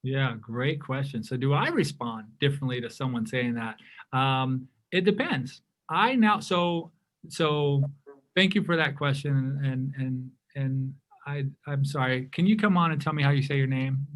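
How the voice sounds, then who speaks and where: A man from California leading an interactive diversity workshop, lively and often correcting himself mid-sentence. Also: mid-range voice, unhurried. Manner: animated, self-correcting, acts out quoted remarks.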